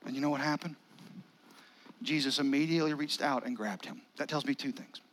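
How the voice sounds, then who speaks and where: A male pastor, preaching a sermon in a conversational style with dramatic pauses and near-whispers. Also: mid-range voice, steady tone, fairly bright tone.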